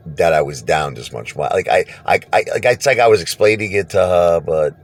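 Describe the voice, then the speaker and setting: A man telling a personal story casually, animated, laughing and acting out what people said. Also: low voice, fairly quick. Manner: animated, laughs and acts out quotes.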